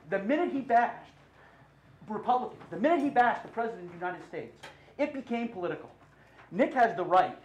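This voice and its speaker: A middle-aged man giving unscripted public comment at a city council meeting, impassioned and halting with many restarts, speaking into a podium microphone. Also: high-pitched.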